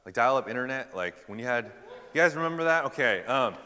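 Young male preacher, casual and animated, forceful bright tone, sermon in a reverberant hall. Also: medium pitch, a little fast. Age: young adult. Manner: animated storytelling, loud punchlines, casual fillers. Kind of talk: sermon with personal stories.

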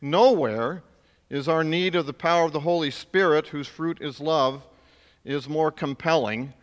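A man's voice: fairly high pitch, measured pace. A man preaching a sermon as pastor, talking casually and then building to emphatic peaks. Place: church sanctuary. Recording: long hall reverb.

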